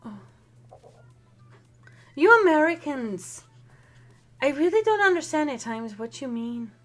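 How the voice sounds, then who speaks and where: A woman runs a tabletop vampire game and chats loosely with her players and viewers. Her voice sits a little high, and she fills pauses with ums and quick apologies. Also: big pitch swings, fairly bright tone. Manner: chatty, apologetic, many fillers. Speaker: storyteller, game master. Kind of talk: casual chat streaming a tabletop game.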